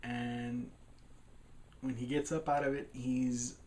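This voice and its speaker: Guy retelling a movie plot, mid-pitch voice, kinda rambly, stumbles and restarts. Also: little pitch movement, slow pace, a little mellow, slight background noise. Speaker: film reviewer. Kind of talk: casual film recap.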